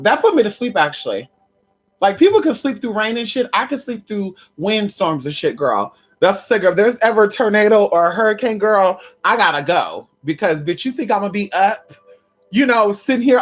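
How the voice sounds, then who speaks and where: A woman's voice: medium pitch, very animated, normal speed. A woman hosting a casual livestream on conjure, sassy and chatty, calling her viewers honey and girl. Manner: breaks into loud laughs and exclamations. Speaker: livestream host teaching conjure.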